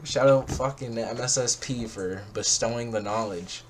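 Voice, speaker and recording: A man's voice: medium pitch, moderate pace, slight background noise. A young man co-hosting a casual podcast, loose and profane, full of "bro" and "like.". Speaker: podcast co-host. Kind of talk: casual chat.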